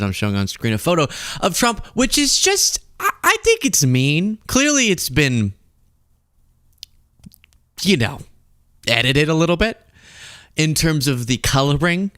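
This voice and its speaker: A male podcast host delivers political commentary with sarcastic energy. His voice swings lively up and down in pitch, and it is recorded dry and close on a studio mic. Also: measured pace, long pauses, no room sound. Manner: sarcastic, animated.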